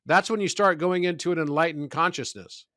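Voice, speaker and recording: A man who is a podcast guest, talking in a measured, reflective way about spiritual ideas and telling stories. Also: fairly high pitch, pushed and bright, no room sound, studio quality. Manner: measured, storytelling, philosophical.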